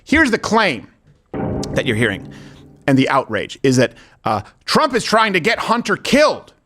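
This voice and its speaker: Sarcastic lively male show host. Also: a little high, moderate pace, noisy background. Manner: sarcastic, bursts into laughter and mock voices. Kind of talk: comedic political commentary.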